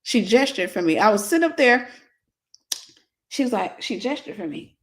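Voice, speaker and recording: A woman's voice: mid-range voice, very animated, normal speed. A woman minister in her forties telling a personal story in a casual livestream sermon, greeting viewers by name.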